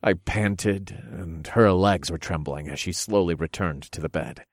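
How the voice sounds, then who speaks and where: A man narrating an adult story in the first person, in a low, steady and commanding way. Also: measured pace, no room sound, studio quality.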